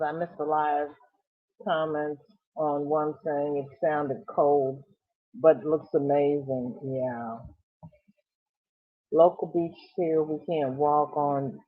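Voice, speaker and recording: A middle-aged woman hosting a crochet livestream, chatting casually and exclaiming as she reads viewers' comments aloud. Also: low voice. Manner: chatty, exclaiming, warm fussing over viewers. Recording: thin phone-like sound.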